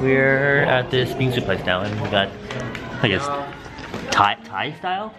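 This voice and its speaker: A young man chatting casually to his camera as a vlogger, animated and swearing freely, with big jumps in pitch. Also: unhurried, over loud music. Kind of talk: casual vlog chat. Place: out and about, streets and cafés.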